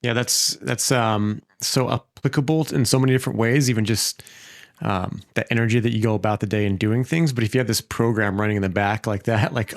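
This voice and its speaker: A man's voice: fairly low pitch, a little fast. A man co-hosting a podcast, reflecting on what the guest said in a casual, searching way. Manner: thoughtful, searching for words with fillers. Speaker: podcast co-host.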